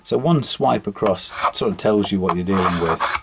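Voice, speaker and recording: A man's voice: deep voice, normal speed. A man working as a guitar repair technician, talking through his work in a casual, rambling way with frequent fillers and restarts. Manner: chatty, thinking aloud with many restarts and fillers. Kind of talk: casual workshop demonstration. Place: workshop bench. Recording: loud workshop filing noise. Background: file rasping and sanding on metal frets.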